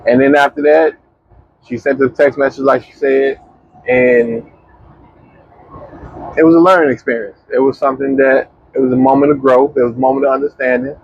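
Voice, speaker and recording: A young man, chatting casually as a podcast co-host and telling a story with lively, slangy quoting. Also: medium pitch, moderate pace, pauses often, slightly rough, dry recording, dull audio. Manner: animated, slangy storyteller who acts out quotes.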